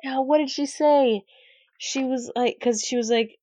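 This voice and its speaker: A young woman chatting casually as co-host, animated and laughing with quick asides. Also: high voice, no echo. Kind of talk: casual chat. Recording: dry, slightly dull sound.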